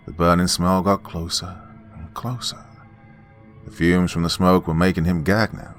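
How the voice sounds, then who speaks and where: A man with an extremely deep, low voice tells a horror tale around a campfire. He is folksy and dramatic, sinking to hushed whispers for suspense, with faint music under him. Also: level tone, moderate pace. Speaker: horror story narrator.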